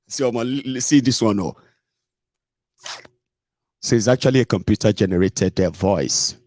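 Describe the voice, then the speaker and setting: A man's voice: medium pitch, normal speed, long pauses, darkish tone, dry recording, studio quality. A Nigerian man hosting a casual livestream, chatty, mixing in pidgin and frequent "eh" and "omo". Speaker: host.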